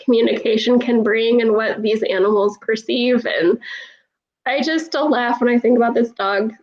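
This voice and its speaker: A woman's voice: on the high side, fairly even intonation, moderate pace, darkish tone, muffled recording. A woman who is an animal communicator, telling stories in a casual interview and laughing often.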